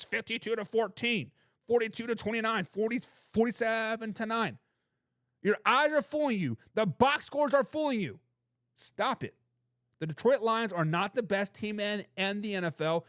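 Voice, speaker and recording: A man whose voice sits high hosts a football talk show, animatedly arguing his opinions and reading out chat comments. He repeats phrases for emphasis, and the recording is dry and studio quality.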